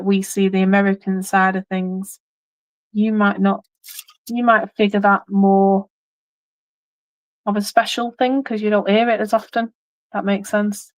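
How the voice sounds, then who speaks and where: A woman's voice: mid-range voice, no echo, low-quality recording. A woman in her thirties with a mixed English accent, chatting casually on a live stream and rambling with many ums and restarts. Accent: English, mixed regional. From England.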